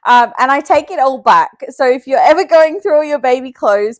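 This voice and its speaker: A woman's voice: high-pitched, expressive, normal speed, hardly any pauses, no echo, clean studio sound. Chatty young woman vlogger. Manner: chatty, many fillers and likes, laughs often. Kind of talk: casual chat to camera.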